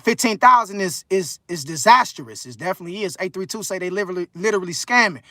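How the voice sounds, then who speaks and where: A man's voice: high voice, lively intonation, quick pace, bright, forceful tone, no echo, clean studio sound. A man in his thirties casually chatting on a livestream and reading viewer comments, rambling and slangy with lots of fillers. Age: 30s. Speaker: livestream host reading chat. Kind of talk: casual live chat.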